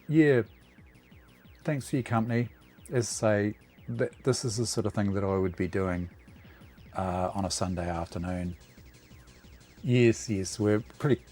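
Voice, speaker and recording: A man's voice: fairly low pitch, measured pace, pauses often, darkish tone, faint music behind. A man with a New Zealand accent hosting a livestream, chatting to viewers in an easygoing, rambling way. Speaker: livestream host. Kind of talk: casual livestream chat.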